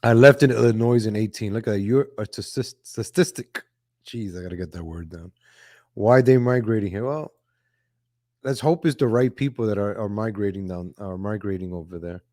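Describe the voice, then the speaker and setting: A man hosting a casual political commentary livestream, talking in a chatty, repetitive way, greeting viewers from the chat and often saying "ladies and gentlemen". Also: on the low side, moderate pace, no room sound, studio quality. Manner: reads viewer chat names aloud. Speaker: livestream host.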